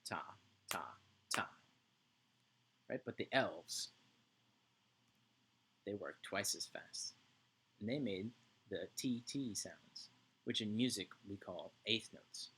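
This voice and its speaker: A man's voice: on the low side, a bit bright, slightly rough. A male music teacher giving an online lesson to young children, chanting rhythm syllables and checking in often with "right?".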